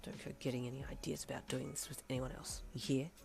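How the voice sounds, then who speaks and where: A woman voicing a brusque teenage boy with a low, raspy, hushed way of talking. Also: flat delivery, fast, faint music behind. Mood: low gruff. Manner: curt, hushed, half-whispered.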